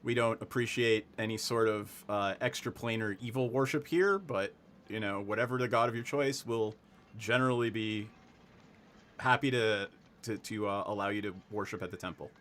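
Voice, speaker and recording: A man narrating as game master of a streamed tabletop game, chatty and quick to laugh at himself. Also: lowish voice, a bit bright.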